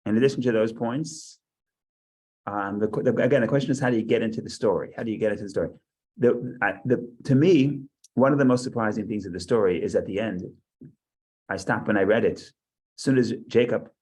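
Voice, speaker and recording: A man's voice: fairly low pitch, darkish tone, poor audio. A man teaching a Bible study class over a video call, thinking aloud with frequent restarts and asides. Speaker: Torah teacher.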